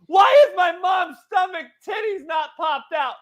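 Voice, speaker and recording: This is an outraged newborn baby boy, as a grown man puts him on, with a high, strained voice far above his natural one. He shouts in a frantic, profane panic. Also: measured pace, lo-fi sound. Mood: horrified shrieking.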